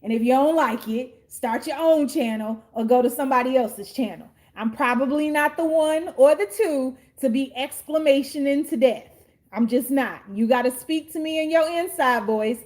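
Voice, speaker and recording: Blunt, sassy high-voiced woman. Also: a little mellow. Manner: slangy, drawn-out street talk. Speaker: tarot card reader. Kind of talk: casual tarot reading monologue.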